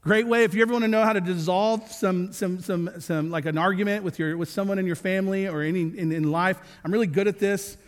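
A man in his thirties delivers a sermon in a high, bright-toned voice. He is earnest but slips in joking asides. His words ring out with the long reverb of a large church hall. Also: steady tone, fast, few pauses. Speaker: pastor.

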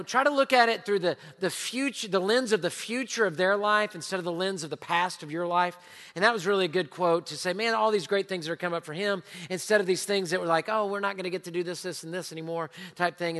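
A man in his forties with a drawl delivers a sermon with animated storytelling. His voice sits high and bright, rising loud and dropping hushed. It rings with the long reverb of a large church sanctuary. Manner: lively storytelling, swings between loud and hushed. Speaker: pastor.

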